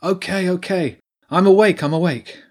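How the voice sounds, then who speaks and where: A man's voice: mid-range voice, very animated, a little fast. A man voicing an earnest, anxious young teenage girl in an audiobook, with a pleading, urgent manner.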